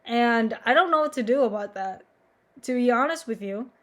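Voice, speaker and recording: A young woman talks straight to her camera in a loose, rambling confessional. Her voice sits a little high and her delivery stays flat and self-mocking, padded with constant filler words. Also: moderate pace. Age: young adult. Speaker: vlogger. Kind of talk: confessional monologue.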